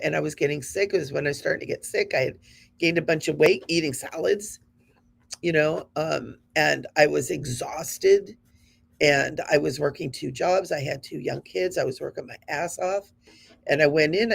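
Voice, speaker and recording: Earnest woman in her fifties, gravelly. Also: deep voice, moderate pace. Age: 50s. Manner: earnest, encouraging, conversational. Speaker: spiritual show host. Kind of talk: spiritual talk to the audience.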